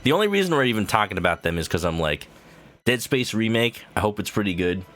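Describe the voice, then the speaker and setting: A young man streaming a game, chatting casually in a goofy, rambling way with sudden high silly yells. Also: sing-song, fast talker. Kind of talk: casual gameplay commentary. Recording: game music under the voice.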